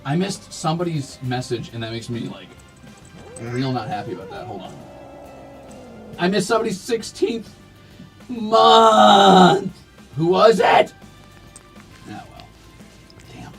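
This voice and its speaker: A man's voice: sits high, takes it slowly, long pauses, soft background music. A young man streaming, talking to and scolding his cats in a playful, teasing way. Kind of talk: casual chat with pets on stream. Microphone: desk mic.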